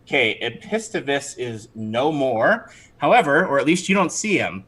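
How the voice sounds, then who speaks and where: A man running a tabletop game as game master, narrating lively and laughing, stopping to correct himself. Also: mid-range voice, normal speed, slightly rough.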